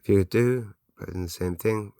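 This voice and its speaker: Chatty man, low dry voice. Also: moderate pace, creaky, warm tone, dry recording. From England. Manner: chatty, stop-start, reading out listener comments. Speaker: podcast host. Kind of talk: casual podcast listener Q&A.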